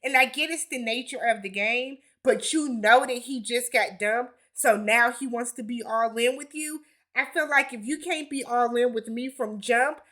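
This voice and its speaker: A woman's voice: on the high side, moderate pace, bright, forceful tone. A woman giving a casual recap of a reality TV episode, with sassy, blunt commentary and slangy asides.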